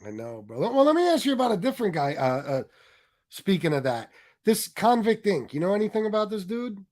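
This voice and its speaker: A man's voice: high-pitched, very animated, brisk, darkish tone. A man hosting a casual interview show, talking loosely and profanely. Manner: casual, says "bro" constantly. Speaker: host.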